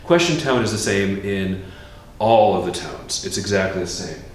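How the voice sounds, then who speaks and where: A priest teaching how to chant a gospel, explaining casually and breaking into sung chant. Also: male voice, normal speed, distant mic. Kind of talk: informal chant lesson. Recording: very echoey room, faint rumble.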